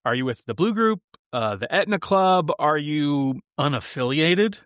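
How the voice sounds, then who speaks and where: A man's voice: on the high side, animated, unhurried, a bit bright, smooth, no echo, studio quality. A man playing a smug, breezy waiter. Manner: breezy, mock-helpful.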